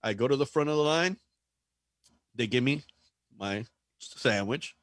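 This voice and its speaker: Profane, animated man ranting. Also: medium pitch, a little slow, no echo, clean studio sound. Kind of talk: casual chat.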